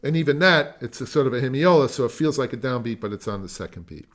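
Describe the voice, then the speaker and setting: A man's voice: medium pitch, animated, fast talker. A man teaching a music masterclass over a video call, explaining at length, trailing off into asides and singing phrases to demonstrate them. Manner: explanatory, digressive, sings phrases.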